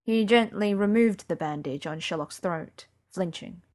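A woman narrating an audiobook in a quiet, even, intimate manner. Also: fairly low pitch, a little slow.

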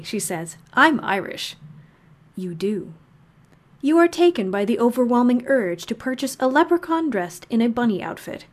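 A woman voicing a cheerful, macabre monster who hosts a fictional radio broadcast from under the bed, with a measured announcer delivery full of morbid relish. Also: medium pitch.

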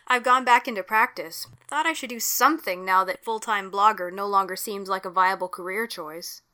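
A wry, subdued man with a quiet, dry way of talking, as a woman reads his part. His lines come across plainly, like a character in a read-aloud story. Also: mid-range voice, moderate pace, close to an everyday voice. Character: wry, subdued male doctor and army veteran.

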